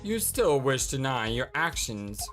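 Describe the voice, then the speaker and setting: A game streamer reading a composed male prosecutor in a lower, slow, cutting voice. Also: very animated, a bit bright, soft background music. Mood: cold. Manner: low, deliberate and cutting.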